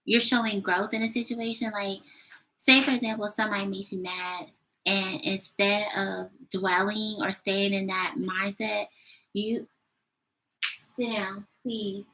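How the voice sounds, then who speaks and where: A woman's voice: medium pitch, flat delivery, a little slow, pushed and bright, poor audio. A woman giving a casual tarot reading at home, chatty, with many fillers and little laughs. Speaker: tarot reader.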